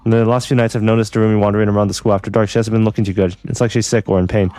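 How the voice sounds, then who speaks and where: Man reading as a calm ghost boy. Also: fairly low pitch, rapid-fire, faint music behind, lightly acted. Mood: concerned. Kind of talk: reading a visual novel aloud.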